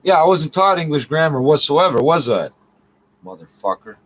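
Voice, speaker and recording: A man's voice: fairly high pitch, sing-song, a little hiss or hum. Profane man stumbling through French aloud. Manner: profane, argumentative, mutters asides under his breath; reads French haltingly, stopping to correct himself. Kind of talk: casual solo recording, reading French aloud and commenting. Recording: dull lo-fi recording with faint music. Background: faint music.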